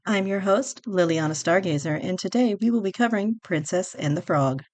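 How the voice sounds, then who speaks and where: A woman's voice: on the low side, a little fast, darkish tone, no room sound. A woman hosting a podcast, talking in an earnest, semi-scripted way and reading on-screen text aloud. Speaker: podcast host. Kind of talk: casual scripted commentary.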